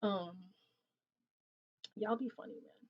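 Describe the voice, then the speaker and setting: A woman's voice: mid-range voice, fairly even intonation, a little slow, dull audio. A woman in her mid twenties hosting a casual livestream, chatting with viewers and laughing often in loose slangy talk. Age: 20s. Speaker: livestream host. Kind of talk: casual livestream chat reading viewer comments. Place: Ontario, Canada.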